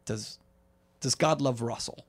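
A man's voice: mid-range voice, measured pace. A man hosting a faith podcast, affirming his guest and telling family stories in a casual conversational way. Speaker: podcast host.

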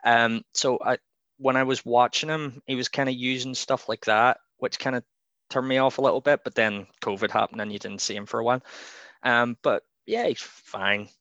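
A man's voice: mid-range voice, fairly even intonation, normal speed, fairly bright tone, dry recording, lo-fi sound. A man co-hosting a podcast, chatting casually with a rambling, opinionated manner and frequent laughs. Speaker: podcast co-host. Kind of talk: casual chat.

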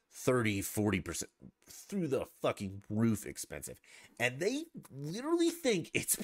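Low-voiced, animated, profane man ranting. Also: no room sound, clean studio sound. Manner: profane and combative, heavy swearing; sarcastic, mocks opponents with put-on voices. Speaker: podcast host. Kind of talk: casual political rant.

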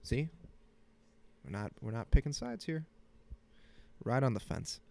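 A man's voice: mid-range voice, very animated, unhurried, gravelly, a little mellow. A man in his thirties hosting a casual solo podcast from a small cold home office, joking, self-deprecating and rambling, with a slight sniffle. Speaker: podcast host.

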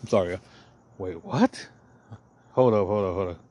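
A man's voice: sits low, moderate pace, dark tone. A man talking in a profane, meandering, self-deprecating monologue as a podcast host. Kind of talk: rambling confessional monologue.

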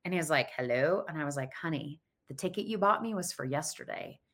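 Brief: thirties woman, lowish pitch, animated storyteller who acts out the voices. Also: fast talker. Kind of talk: personal storytelling.

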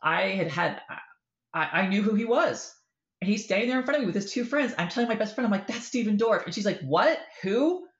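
A woman author in a casual interview, telling a lively story and acting out the voices in it. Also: medium pitch, fast, reverberant, highs cut off. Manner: animated storyteller, acts out quoted voices. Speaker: author guest.

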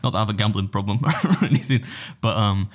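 A man's voice: lowish voice, fast. A young man co-hosting a podcast in casual chat, joking and making self-mocking asides. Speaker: podcast co-host.

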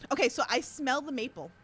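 A woman's voice: high voice, slightly rough. A woman hosting a casual podcast chat, laughing to tears and reading chat comments aloud. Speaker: podcast host.

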